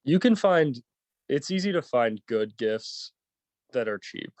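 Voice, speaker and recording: A man chatting as a guest in a relaxed way, laughing easily and hesitating with fillers. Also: medium pitch, takes it slowly, no room sound. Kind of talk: casual chat.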